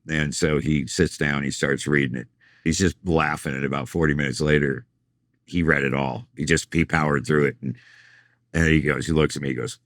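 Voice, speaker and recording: A man's voice: rumbling low, steady tone, fairly quick, a bit bright, dry recording, clean studio sound. A middle-aged man, a tour manager, telling rambling anecdotes in a casual interview and acting out what others said. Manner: rambling anecdotal storyteller, acts out quoted lines.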